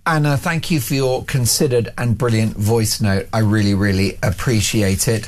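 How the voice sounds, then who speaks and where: A man's voice: mid-range voice, expressive, moderate pace, hardly any pauses. Chatty radio host man. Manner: jokey, chatty, reads headlines aloud. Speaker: radio talk show host. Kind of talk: casual radio chat.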